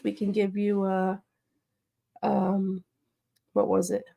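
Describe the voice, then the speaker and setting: A woman's voice: medium pitch, slow, gravelly, pauses often, dark tone. A woman co-hosting a family livestream, chatting casually and laughing often. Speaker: livestream co-host.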